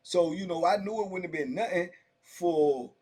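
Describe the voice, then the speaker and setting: A man's voice: high voice, moderate pace, a little mellow. Slangy middle-aged man telling stories. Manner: loose, slangy, full of "you know what I'm saying" asides. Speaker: storyteller recounting prison life. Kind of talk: casual first-person storytelling.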